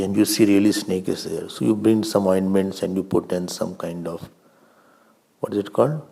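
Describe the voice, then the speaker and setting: An older man with an Indian accent giving a slow spiritual discourse as a swami, telling stories, asking questions and laughing often. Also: deep voice, gravelly, mellow, slightly rough.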